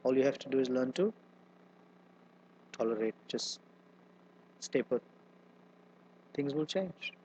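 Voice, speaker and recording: A man's voice: medium pitch, animated, takes it slowly, long pauses, dark tone, muffled recording, a little hiss or hum. A man giving a scripture class lecture, chanting Sanskrit verses and explaining them in a conversational way with side jokes and asides. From not from America. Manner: conversational teaching with asides and humor. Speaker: Bhagavatam class speaker.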